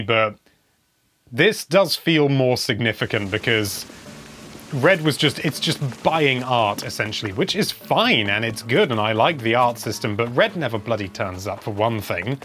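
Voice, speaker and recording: A man presents a game video, keeping up a wry, conversational running commentary and humming while he plays. His voice is medium in pitch and slightly bright.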